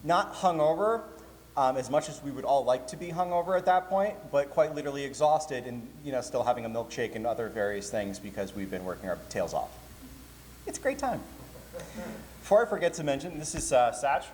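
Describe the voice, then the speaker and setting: Here the convention's programming director talks fairly quickly in a mid-range voice, bantering and joking through a panel for a live audience amid plenty of laughter. Faint room noise sits under the hall's reverb.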